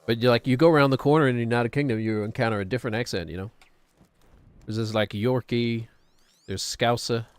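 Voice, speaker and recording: A middle-aged New Zealander with a New Zealand accent chats casually while gaming on stream, rambling, correcting himself and chuckling. His medium-pitched voice is clear and resonant, with fairly even intonation and a brisk pace.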